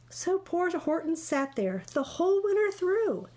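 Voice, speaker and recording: A woman reading a rhyming picture book aloud in a rhythmic, expressive way. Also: very high-pitched, a little slow, few pauses. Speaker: storybook reader.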